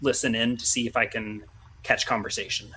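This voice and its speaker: Bright-voiced man thinking aloud as a player. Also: mid-range voice, fairly even intonation, a little fast, a little hiss or hum, low-quality recording. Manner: chatty, thinking aloud, hesitant restarts. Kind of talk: casual tabletop game play.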